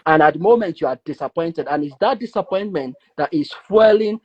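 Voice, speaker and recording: A man with a Nigerian accent making a measured, lecturing point in a live audio debate. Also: a little high, lively intonation, dull audio, over a noisy crowd. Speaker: debate participant.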